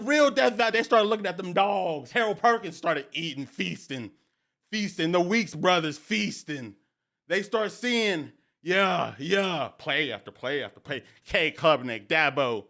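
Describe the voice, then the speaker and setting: A young man hosting a sports podcast, talking in an excited, slangy way and repeating phrases for emphasis. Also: high voice, moderate pace. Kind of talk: excited casual sports talk.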